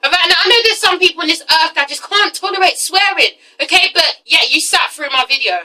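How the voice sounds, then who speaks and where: English girl doing a sassy tv review vlog, swears a lot, high cutting voice, kinda far from the mic. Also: fairly quick, pushed and bright. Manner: blunt and sassy, swears freely, keeps tagging "okay?". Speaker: TV review vlogger. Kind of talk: casual ranting review.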